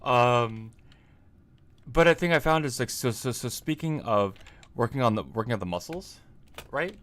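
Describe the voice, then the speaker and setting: A man's voice: mid-range voice, expressive, moderate pace, a bit bright. A man chatting casually on a livestream as an indie game developer, rambling, laughing often and restarting his sentences.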